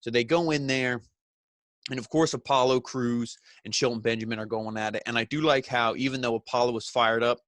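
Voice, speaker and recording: Male reviewer, mid pitch, sardonic and crude, dry close sound. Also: fairly even intonation, brisk, fairly bright tone, dry recording. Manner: sarcastic, profane, mocking impressions of wrestlers. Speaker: wrestling show reviewer. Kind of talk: casual recap commentary.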